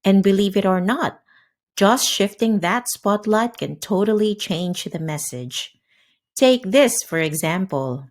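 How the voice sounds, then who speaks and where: A woman hosting a scripted language lesson, upbeat and crisply enunciating, giving drill words slowly one at a time. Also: medium pitch. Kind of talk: scripted instructional narration. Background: faint background music.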